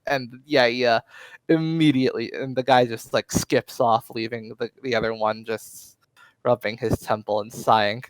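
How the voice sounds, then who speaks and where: A man's voice: medium pitch, steady tone, moderate pace, no room sound, rough recording. A man narrating as game master in a tabletop game, rambling with many fillers.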